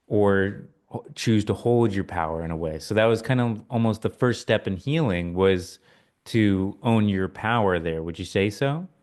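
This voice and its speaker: A man's voice: on the low side, a little mellow. A young adult man hosting a spiritual podcast, reflecting back on his guest's story and asking thoughtful, leading questions. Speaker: podcast host. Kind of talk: interview conversation.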